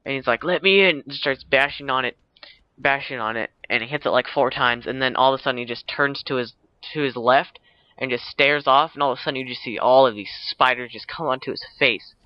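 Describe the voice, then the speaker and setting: Recapping a film for his vlog, this young video uploader wanders off track, leaning on filler words and correcting himself often. He talks a little fast in a steady, mid-range voice, and the audio is a dull lo-fi home recording with no room sound.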